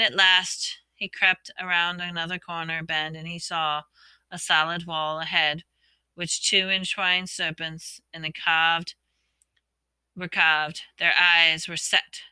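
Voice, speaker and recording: A woman reads a storybook aloud in a very bright, crisp voice, with a lowish pitch. She plays up the characters' shouts and hushed lines as she goes. The sound is close and dry. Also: no echo. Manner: reads expressively, voicing characters' shouts and whispers. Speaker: audiobook reader.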